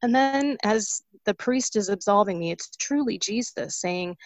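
A woman's voice: mid-range voice, expressive, a little slow, few pauses, no echo, lo-fi sound. A woman in her forties giving an earnest, emotional personal testimony as an interview guest. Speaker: guest sharing a faith story.

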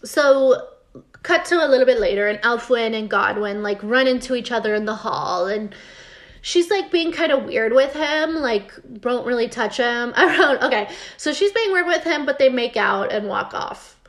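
A woman's voice: on the high side, expressive, normal speed. A woman casually recapping a TV episode for her co-host, chatty and sarcastic, reading bits from her notes. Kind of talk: casual chat.

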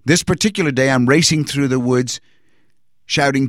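A man recounts a personal religious testimony in an earnest, reflective tone. His voice sits at an ordinary middle pitch. The recording is dry and close, and he often pauses and restarts as he remembers. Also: dry recording.

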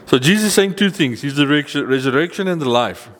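A man preaching a sermon, reading old-style scripture verses slowly and stressing key words with rising pitch. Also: expressive, fairly bright tone, long reverb tail. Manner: earnest, emphatic, rises in pitch on key points, slows to read verses.

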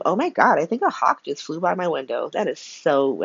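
A woman's voice: lowish voice, lively intonation, normal speed, creaky, breathy edge, no echo, muffled recording. A woman casually recapping a soap opera episode from home, candid and exasperated, swearing and peppering her talk with "like". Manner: candid, exasperated, profane, lots of "like". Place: home room by a window.

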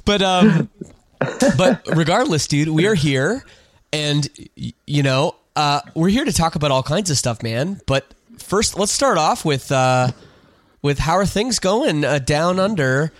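A man from North America hosts a casual podcast interview, his voice sitting a little high. He rambles along with lots of fillers and false starts. The sound is dry, with no room echo. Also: lively intonation, unhurried. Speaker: podcast host. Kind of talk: casual interview chat over a call.

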